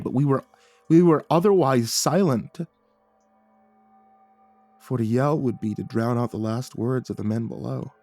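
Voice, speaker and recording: A man narrating a horror story in a hushed, grave manner. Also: mid-range voice, no echo.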